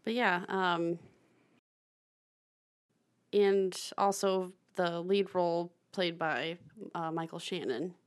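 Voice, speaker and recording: A woman's voice: fairly low pitch, fairly even intonation, takes it slowly, long pauses. A young woman co-hosting a film podcast, chatting casually with lots of fillers, restarts and laughter. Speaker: podcast co-host. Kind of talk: casual chat about films.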